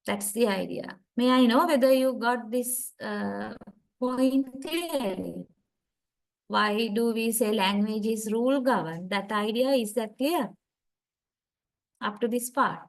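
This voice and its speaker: A woman giving an online university lecture, explaining slowly and checking in often with her students. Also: a little high, creaky, low-quality recording. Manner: slow, deliberate explaining with frequent "right?" and "uh" checks.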